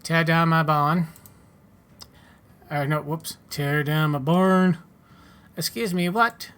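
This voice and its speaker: A gruff old-west farmer barks his orders in a loud, folksy drawl, as a man puts him on. He is blunt and quick to tease. This is a game voice, plainly put on. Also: a little high, steady tone, close to an everyday voice. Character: gruff male frontier farmer, blunt and teasing.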